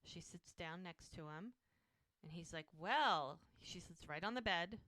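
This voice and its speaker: Woman, podcast host, bright tone, dry close sound, casual retelling, quotes characters. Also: fairly low pitch, moderate pace, dry recording. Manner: retells scenes by quoting characters, with frequent "he's like". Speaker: podcast co-host recapping a TV episode. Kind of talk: casual recap chat.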